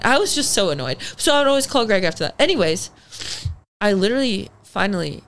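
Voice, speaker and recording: Young woman, podcast guest, casual chat, animated storytelling, frequent swearing. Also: medium pitch, fast talker, slight background noise.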